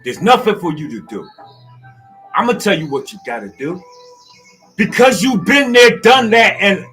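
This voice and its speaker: A man with giving a rambling, preachy motivational monologue that swings from loud outbursts to low asides. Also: lively intonation, normal speed, slightly rough, faint music behind. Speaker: speaker giving a motivational talk.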